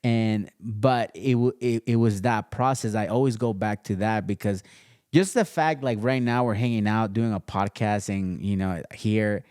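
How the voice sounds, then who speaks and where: A man guest on a casual podcast, telling his story in a relaxed way with many fillers and restarts, recorded at his home studio. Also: lowish voice, normal speed, no room sound. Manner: laid-back, storytelling with lots of fillers and restarts. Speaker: podcast guest, custom sneaker entrepreneur.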